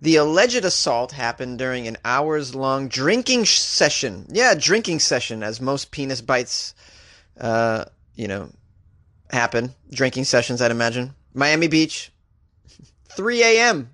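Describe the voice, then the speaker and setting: A male comedian hosts a daily news podcast, reading stories and then cracking wry jokes about them. His voice is mid-pitched and jumps high for a punchline. The sound is dry and close, with no room around it. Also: very animated, unhurried, pushed and bright, no room sound. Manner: wry, joking asides with sudden pitch jumps.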